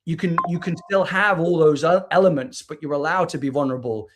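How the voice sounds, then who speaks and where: A man's voice: on the high side, brisk, noisy background. A man from the United Kingdom with a British accent, speaking over a video call in a slightly raised register. He talks earnestly and reflectively, restarting words as he gathers his thoughts. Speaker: guest, spoken word artist. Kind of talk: candid conversation on a livestream.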